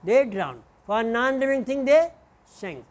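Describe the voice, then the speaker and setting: A man lecturing as a professor, speaking deliberately and spelling out example words letter by letter. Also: very high voice, big pitch swings. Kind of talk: classroom lecture.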